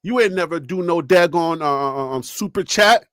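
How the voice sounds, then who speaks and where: A man hosting a sports talk channel, talking straight to his viewers and chat in a lively, animated way and laughing often. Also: on the high side, moderate pace, no room sound, clean studio sound. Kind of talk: casual live-stream commentary.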